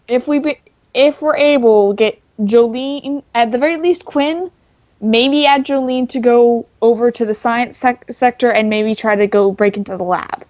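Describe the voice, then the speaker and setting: A woman player eagerly laying out her plans at a tabletop game, halting now and then. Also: on the high side, darkish tone, no echo, muffled recording. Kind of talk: casual tabletop chat.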